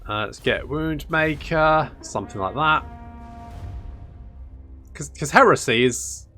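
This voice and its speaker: A man's voice: fairly high pitch, expressive, slow, bright, forceful tone, faint music behind. Chatty, sarcastic man gaming. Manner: chatty, sarcastic, swears, grumbles at the game. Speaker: gaming YouTuber. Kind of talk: casual let's-play commentary.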